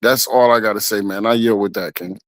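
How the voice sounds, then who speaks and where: A man reading scripture aloud and riffing on it in casual, halting street talk as an elder on a streamed discussion. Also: on the low side, fairly even intonation, very noisy. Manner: street-talking preacher, reads verses then riffs with fillers. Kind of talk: preaching in casual chat.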